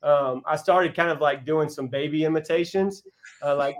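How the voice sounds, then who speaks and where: A man's voice: a little high, normal speed, fairly bright tone, poor audio. Earnest male coach telling heartfelt stories. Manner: earnest, heartfelt, with many restarts. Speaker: college basketball coach, podcast guest. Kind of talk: casual interview storytelling.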